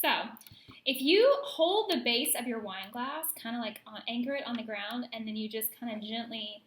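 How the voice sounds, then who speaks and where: A woman's voice: on the high side, normal speed, a little hiss or hum. A woman co-hosting a casual wine review, chatty and playful, reading label notes aloud. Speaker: co-host. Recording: echoey room.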